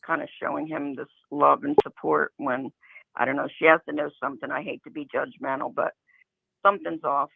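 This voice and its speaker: A man with a gravelly, slightly high voice calls in over a tinny phone line. He rambles and hesitates, circling back to the details that seem off to him. The line sounds dry and narrow. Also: fairly even intonation, fairly quick, no room sound. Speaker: caller. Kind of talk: phone-in call.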